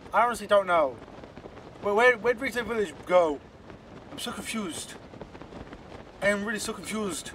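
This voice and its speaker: A man hosting a let's play, rambling in excitable self-talk as he plays. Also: high voice, a little hiss or hum. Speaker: gaming channel host.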